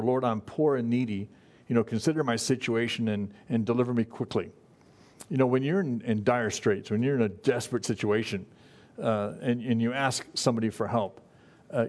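Folksy, halting male preacher. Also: medium pitch, a little mellow. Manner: folksy, halting delivery with many fillers and restarts. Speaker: pastor. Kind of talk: conversational Bible-study sermon.

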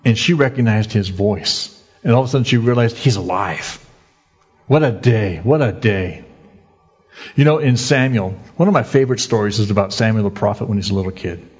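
A man's voice: medium pitch, husky. A male pastor giving a folksy, conversational sermon and acting out the voices in his stories. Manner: lively storyteller who acts out the quoted voices. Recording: dull lo-fi recording.

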